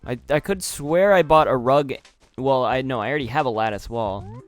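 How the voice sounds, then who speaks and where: A man giving casual, chatty commentary while playing a video game, laughing often and getting easily excited. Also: mid-range voice, normal speed, no room sound. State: out of breath.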